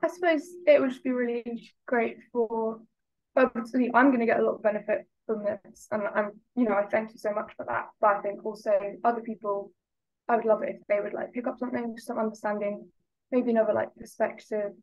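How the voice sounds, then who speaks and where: A woman's voice: fairly high pitch, flat delivery, a little fast. Hesitant young British woman, lo-fi audio. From United Kingdom. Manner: hesitant, lots of "like" and "I don't know". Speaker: podcast guest. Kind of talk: casual interview chat.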